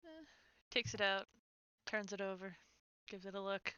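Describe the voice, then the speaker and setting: A young woman playing a tabletop game, narrating her character's actions in a playful way. Her voice is bright and smooth. It comes through a slightly muffled voice-chat mic with a dry sound. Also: mid-range voice, animated, a little slow, dry recording. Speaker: player.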